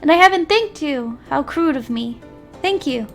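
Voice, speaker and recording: A woman's voice: high voice, animated, moderate pace, a bit bright, faint music behind. A woman voicing a refined, overly polite young lady from a visual novel, speaking in a prim and formal manner.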